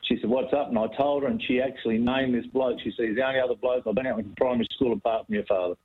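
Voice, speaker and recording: A fast-talking Australian man spins a matey country yarn down the line. His voice is husky and comes through a tinny phone line. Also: medium pitch, steady tone. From rural Australia. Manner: yarning, matey storyteller. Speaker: caller. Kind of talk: phone-in anecdote.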